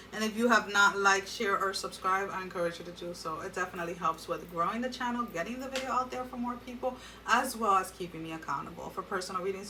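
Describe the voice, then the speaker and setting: A woman's voice: mid-range voice, far from the mic, background noise. A woman giving an earnest tarot card reading and talking straight to her viewers with advice. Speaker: tarot reader.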